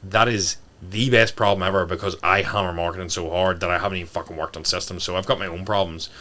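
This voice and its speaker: Man, low bright voice, rapid blunt sweary podcast chat. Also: steady tone. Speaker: guest, fitness coach. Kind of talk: casual podcast talk.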